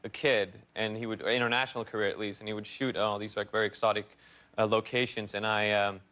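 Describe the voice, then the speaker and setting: A young man, an actor guest, rambling through animated stories with laughter in a casual interview. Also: on the low side, fast.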